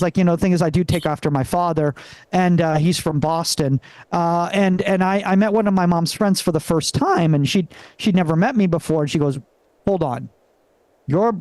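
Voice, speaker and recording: A young Venezuelan stand-up comedian works the crowd in a live set, his delivery halting as he stumbles through fillers and restarts. His voice is fairly high for a man and a little mellow, coming through a stage mic dry and close with no room sound.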